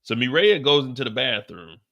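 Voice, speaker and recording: A man casually recapping a TV episode, animated and profane, acting out the characters' lines as he goes. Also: mid-range voice, a little fast, dull audio. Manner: animated, profane storytelling with acted-out quotes. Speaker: show recap host.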